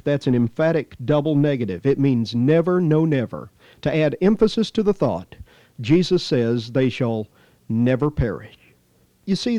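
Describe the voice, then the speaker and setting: Warm earnest male preacher, dull dry recording. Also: medium pitch, no echo. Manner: earnest and emphatic, rising on key phrases. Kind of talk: sermon with scripture readings.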